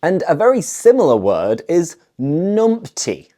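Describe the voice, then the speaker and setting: A woman's voice: deep voice, sing-song, unhurried, dark tone. A British woman teaching English slang to camera in a playful manner, explaining each phrase and then modelling it. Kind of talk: scripted language lesson to camera.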